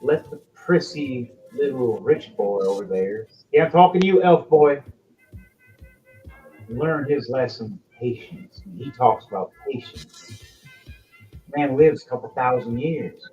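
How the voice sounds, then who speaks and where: A man's voice: medium pitch, lively intonation, measured pace, a little mellow, lo-fi sound, faint music behind, natural voice. A man voicing a bossy, brash female pirate captain who barks orders and teases the crew in a tabletop game. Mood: teasing. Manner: barking orders, teasing.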